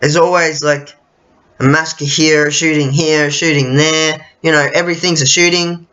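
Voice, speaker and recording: Brief: high-pitched Australian man, unhurried and bright-toned, swearing through a rambling rant. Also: level tone, dull audio. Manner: profane, rambling, frequent restarts and fillers. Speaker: vlogger. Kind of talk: casual ranting monologue.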